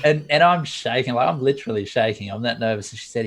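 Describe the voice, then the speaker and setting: Man telling a lively story. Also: medium pitch, quick pace. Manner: lively storyteller who acts out dialogue. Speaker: guest, 3D modeler. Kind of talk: storytelling interview.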